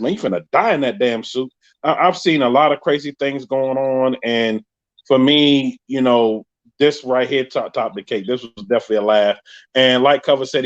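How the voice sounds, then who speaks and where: A man with a New York accent hosting a casual live podcast, telling stories in an animated, joking way. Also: mid-range voice. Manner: animated storytelling with frequent laughs. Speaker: podcast host. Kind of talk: casual live-stream chat. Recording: muffled lo-fi live stream audio.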